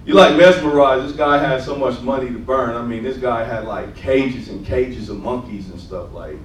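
A man's voice: medium pitch, moderate pace, echoey room, far from the mic, slight background noise, rough recording. A man preaching a sermon and telling his testimony, with conversational asides, often checking in with "right?". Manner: call-and-response asides, repeats "right?". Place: church sanctuary.

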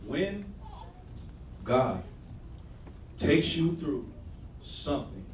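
Preacher, man, high voice, casual slangy sermon, church call-and-response, echoey hall. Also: sing-song, drawn-out words, distant mic, slight background noise. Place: church sanctuary.

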